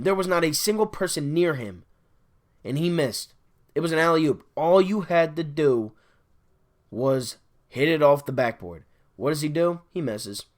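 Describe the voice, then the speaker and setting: A man hosting a sports podcast, delivering an exasperated solo fan rant, repeating his complaints over and over. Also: a little high. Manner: exasperated, repetitive ranting.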